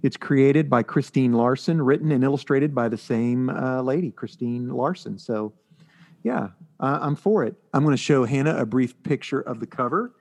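A man's voice: mid-range voice, moderate pace, a little mellow. Rambling man chatting casually. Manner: rambling, filler-heavy storytelling. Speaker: podcast co-host reviewing comics. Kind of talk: casual chat.

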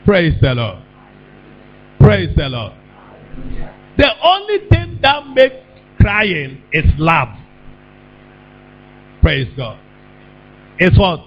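A man preaching a sermon, calling out questions for the congregation to answer and breaking into sudden shouts. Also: high voice. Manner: call-and-response preaching, bursts of shouting. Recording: dull lo-fi with mains hum.

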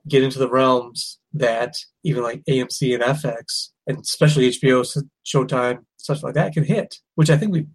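A man's voice: mid-range voice, fairly even intonation, normal speed, hardly any pauses, slightly rough, poor audio. A man in his thirties co-hosting a podcast, trading jokes and strong opinions in casual chat. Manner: joking, irreverent, opinionated. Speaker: podcast co-host.

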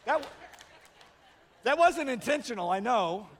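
A male pastor with a very high-pitched voice speaks a little slowly as he preaches, telling stories animatedly and acting out the voices of their characters. The recording, made in a church sanctuary, has long hall reverb.

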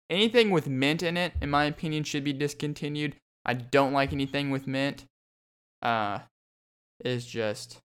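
A man's voice: medium pitch, a bit bright, smooth. A young man hosting a solo podcast, rambling and joking with lots of fillers and restarts. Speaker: podcast host.

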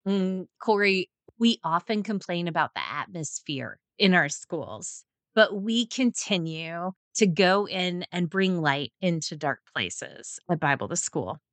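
Upbeat woman podcast host, lowish voice. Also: animated, measured pace, fairly bright tone, dry recording. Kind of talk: casual podcast chat and closing prayer.

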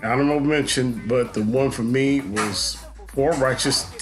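A man in a casual podcast chat, reminiscing in a relaxed way with hesitant ums. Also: mid-range voice, measured pace.

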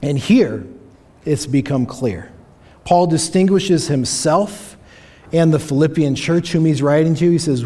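A man's voice: a little high, unhurried, dark tone. A man preaching a sermon, earnest and emphatic, often repeating key phrases for weight. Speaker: pastor. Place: church sanctuary.

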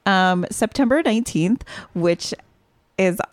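A woman's voice: medium pitch, slow pace, no echo. A woman co-hosting a podcast in casual chat, upbeat and often laughing. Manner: chatty, giggly, upbeat. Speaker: podcast co-host.

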